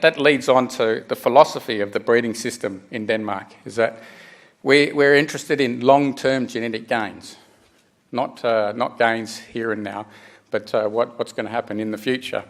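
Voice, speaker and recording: A middle-aged man giving a technical conference presentation, speaking haltingly with frequent restarts and fillers. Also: mid-range voice, gravelly, a bit bright.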